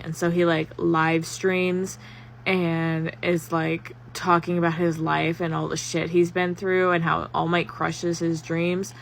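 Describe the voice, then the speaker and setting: A woman's voice: fairly low pitch, little pitch movement, slow, gravelly, a little hiss or hum. A woman in a casual vlog, chattily recommending fan stories with lots of fillers and rambling asides. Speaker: fanfiction reviewer.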